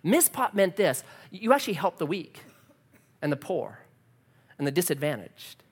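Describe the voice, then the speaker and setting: Male pastor, lively sermon storyteller, swooping pitch, long hall reverb. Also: normal speed, husky. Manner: animated, conversational, self-deprecating humor.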